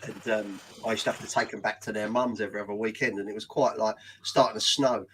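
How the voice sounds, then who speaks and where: A middle-aged British man telling funny stories in casual chat. He talks in an animated way, laughs as he goes and swears freely. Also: on the low side, quick pace, a little hiss or hum, rough recording. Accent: British English.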